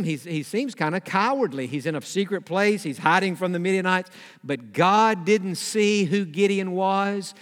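High-voiced male pastor preaching in a hall. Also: fairly bright tone. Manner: reads scripture then explains, acts out pleading prayers. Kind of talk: sermon.

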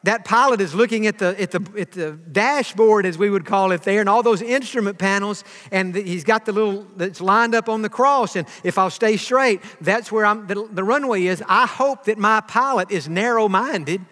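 A man in his fifties delivers a sermon in a high voice. He is earnest, circling back and repeating words as he builds each point. His voice rings with the long reverb of a church hall. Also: moderate pace, few pauses, a bit bright. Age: 50s. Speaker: preacher.

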